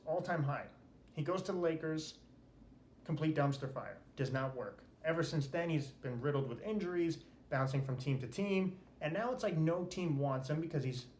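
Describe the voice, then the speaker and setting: A man hosts a solo sports podcast, ranting with firm emphasis and repeating his main points. His voice sits slightly high. The room sounds echoey, with a little background noise. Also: darkish tone. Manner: emphatic, repeats key phrases for effect. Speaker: podcast host. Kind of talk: solo sports commentary rant. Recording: roomy, with faint background noise.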